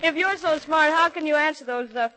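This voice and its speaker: A woman guesting as a singer on a 1940s radio comedy show, bubbly and quick to laugh, on an old transcription recording. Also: high-pitched, bright, forceful tone, low-quality recording.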